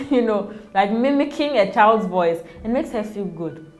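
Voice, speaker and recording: A woman's voice: medium pitch, animated, a little slow, soft background music. A young Ghanaian mother in a casual interview, speaking animatedly, often laughing and acting out quoted voices. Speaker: interview guest, mother of two.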